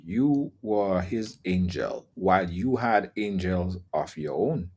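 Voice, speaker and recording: A man hosting an interview, affirming his guest and at times dropping to a soft near-whisper. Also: sits low, lively intonation, slow pace, husky. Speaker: interview host. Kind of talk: supportive interview talk.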